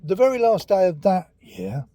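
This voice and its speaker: Speaking in a high, sing-song voice with a mellow tone and normal pace, an older English man recounts his childhood casually while out on a walking vlog. He rambles and chats, at moments sinking to near whispers.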